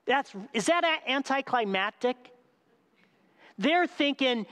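Speaking at a steady, moderate pace, a pastor with a rather high-pitched voice delivers his sermon in a spacious hall that rings with long reverb. He stays lively throughout, asking listeners questions and performing the scenes he narrates.

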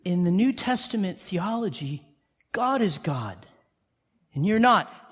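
High-voiced preacher man in a reverberant hall. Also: measured pace. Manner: animated, rhetorical questions, sudden shouts and hushed asides. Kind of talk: sermon.

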